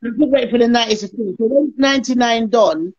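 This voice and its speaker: A woman's voice: a little high, fast talker. A woman, telling her story as an interview guest and acting out other people's lines. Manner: animated, acts out others' lines. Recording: lo-fi call audio.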